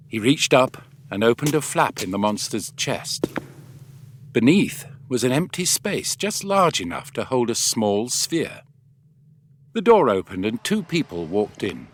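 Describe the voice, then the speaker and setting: A man reading a science-fiction adventure novel aloud as an audiobook narrator, in a measured, expressive storytelling style. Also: mid-range voice. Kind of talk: scripted narration.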